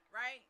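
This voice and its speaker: Bright, emphatic woman live-streaming. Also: slight background noise. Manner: preachy and emphatic, with African American English grammar. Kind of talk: motivational live-stream talk.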